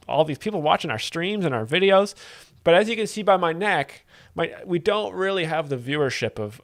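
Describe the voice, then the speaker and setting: A man giving mock-earnest comedic commentary as a livestream host, deadpan and rambling, halting with many fillers. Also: medium pitch, dry recording, studio quality. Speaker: joke explainer host of a livestream.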